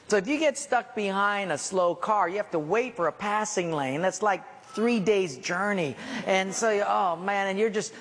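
High-voiced pastor preaching with humor. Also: male voice. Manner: animated, self-mocking, acts out the voices in his stories. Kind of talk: humorous storytelling sermon. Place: church hall. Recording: reverberant hall with faint background hiss.

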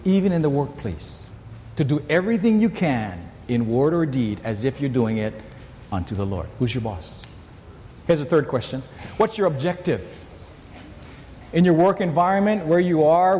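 A man preaching a sermon in a church, telling a personal story in a conversational, emphatic way that swings between loud and hushed. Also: fairly high pitch, long reverb tail, slight background noise. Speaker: pastor.

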